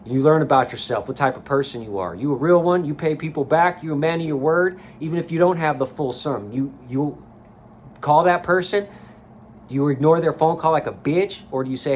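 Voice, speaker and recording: A man with a somewhat high voice delivers a blunt, heavily profane motivational rant. He talks to camera like a life coach vlogger, recorded in a sauna. A faint ambient hum sits behind him. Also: brisk.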